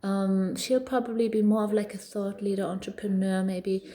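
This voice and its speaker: A woman in her thirties talks straight to camera about raising her daughter, chatty and unpolished, full of ums and restarts. Her voice is mellow and warm, sitting at a middle pitch. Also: steady tone, normal speed. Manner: chatty, frequent fillers and restarts. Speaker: parenting vlogger. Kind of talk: casual storytelling monologue.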